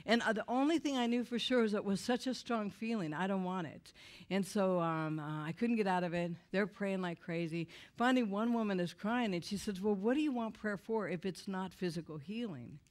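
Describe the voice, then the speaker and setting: A middle-aged woman giving an earnest, animated testimony to a church audience, her storytelling rising and falling with feeling. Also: fairly quick. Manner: earnest, animated storytelling, voice rising when angry and dropping low when moved.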